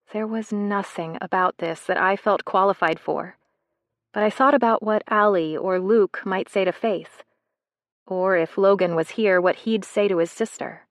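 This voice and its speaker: A woman reading a first-person romance novel in a soft, intimate way, as scripted narration. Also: lowish voice, dry recording, clean studio sound. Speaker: audiobook narrator.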